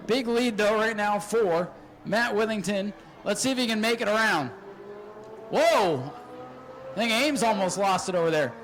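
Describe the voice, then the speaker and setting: A man announcing a spectator race from the flag stand at an outdoor speedway, excitable and joking, often shouting. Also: high voice, normal speed, long pauses, slight background noise, rough recording. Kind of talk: live race commentary over PA.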